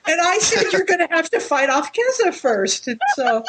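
A woman's voice: very high voice, sing-song, moderate pace, heavy background noise. A woman co-hosting a podcast, chatting casually and reading passages from a book aloud. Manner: easily distracted, giggly.

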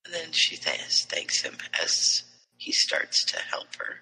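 A high, bright man with a husky edge retells a story with lively swings in pitch. His voice carries a long hall reverb. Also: a little slow. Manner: animated, slips into character voices while retelling. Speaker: podcast co-host. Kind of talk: casual chat, retelling a story.

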